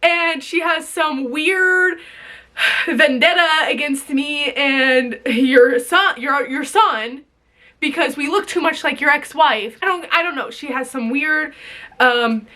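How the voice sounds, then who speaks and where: A woman's voice: sits high, slow pace, bright, forceful tone. A young woman venting straight to camera, bitterly sarcastic and swearing, her voice sometimes breaking. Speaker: vlogger. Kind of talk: emotional direct-to-camera rant.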